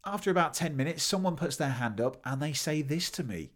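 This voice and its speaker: A man's voice: a little high, a little fast, few pauses. A man hosting a podcast, telling a personal story in a casual monologue and acting out the quoted voices. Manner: animated, acts out quoted voices. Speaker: podcast host.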